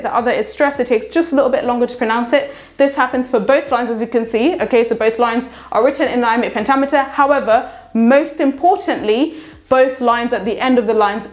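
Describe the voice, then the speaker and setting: Woman teacher doing a video lesson on poetry, fairly high voice, patient, keeps asking okay?. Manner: clear, patient explaining with frequent "okay?" checks. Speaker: English literature teacher.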